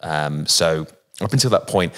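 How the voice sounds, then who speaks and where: A man from England, a guest musician in a casual interview, telling thoughtful anecdotes with frequent pauses and fillers. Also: a bass voice, expressive, sharp tone. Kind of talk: casual interview, reflective storytelling.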